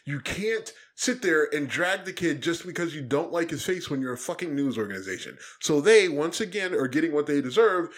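A man's voice: a little high, expressive, brisk, few pauses. Man ranting heatedly, swearing freely. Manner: heated, profane ranting with emphatic rises. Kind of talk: casual political chat.

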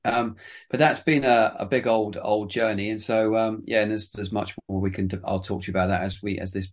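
Low-voiced pastor telling his story. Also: fairly even intonation, a little fast. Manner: rambling, self-deprecating, many restarts. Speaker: pastor and church planter. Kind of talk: interview storytelling.

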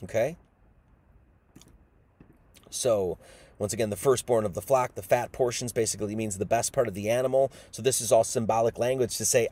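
A man's voice: fairly low pitch, fairly even intonation, normal speed, long pauses, mellow. A man giving an informal Bible sermon, casual and emphatic, acting out the people he quotes. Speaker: preacher.

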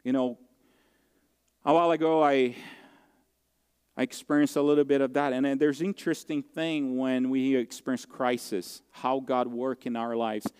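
A man preaching a sermon as pastor, telling a personal story in an earnest, heartfelt way with halting restarts. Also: medium pitch, fairly even intonation, a little mellow, clean tone, big-room sound.

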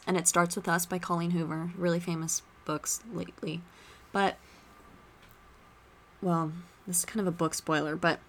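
A woman hosting a podcast, chatting casually and retelling movie scenes with lively asides. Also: on the low side. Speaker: podcast host.

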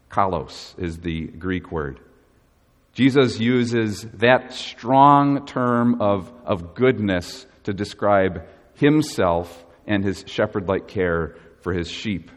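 A man preaching a sermon as pastor, earnest and measured, leaning hard on key words. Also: on the low side. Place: church. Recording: long reverb of a church hall.

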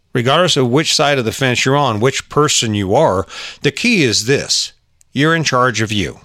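A man's voice: mid-range voice, pushed and bright, dry recording, clean studio sound. A man giving a motivational talk in an earnest, conversational way, with frequent restarts. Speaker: motivational speaker.

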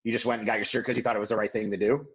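Husky man hosting a podcast. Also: lowish voice, rapid-fire, dull audio. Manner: relaxed, joking, supportive interjections. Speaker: podcast host. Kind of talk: casual podcast interview.

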